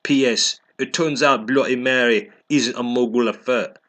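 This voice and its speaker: A man's voice: mid-range voice, fairly even intonation, moderate pace, fairly bright tone, voice pushed up, natural voice. A man voicing a petulant teenage girl who writes fan fiction, speaking in a snippy way.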